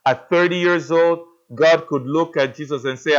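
A man's voice: fairly high pitch, moderate pace, few pauses. Earnest preacher man, muffled sound. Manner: earnest, asks the congregation repeated questions. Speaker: pastor. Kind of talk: sermon.

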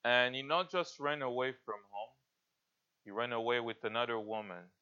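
A male pastor preaching a sermon in an earnest, halting way, often restarting his sentences. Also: mid-range voice, bright, forceful tone, clean tone. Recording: dull lo-fi recording.

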